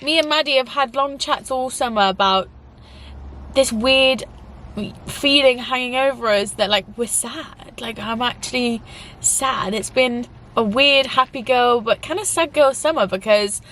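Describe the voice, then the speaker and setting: Young woman, casual confessional vlogger, rambling and emotional, fairly high voice, faint background hum. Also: unhurried, fairly bright tone. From England. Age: young adult. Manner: rambling, emotional, many "like" fillers. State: tearful at times. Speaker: YouTuber.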